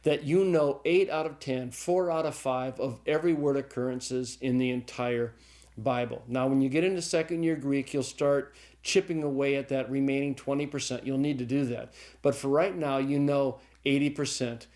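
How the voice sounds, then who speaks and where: A middle-aged man teaching a recorded Greek grammar lecture in a relaxed way, often chuckling and checking in with "okay?". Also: medium pitch, normal speed.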